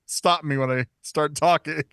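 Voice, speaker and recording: A man's voice: on the high side, steady tone, unhurried, gravelly, fairly bright tone, smooth, no echo. Laughing, teasing male co-host. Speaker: podcast co-host. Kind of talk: casual chat.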